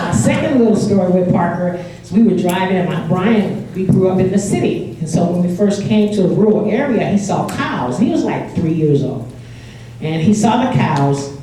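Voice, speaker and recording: A woman's voice: mid-range voice, lively intonation, moderate pace, noisy background. An older woman from California telling a personal story at a live event, chatty and laughing, acting out the quotes. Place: indoor event hall with audience. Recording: echoey hall, far from mic.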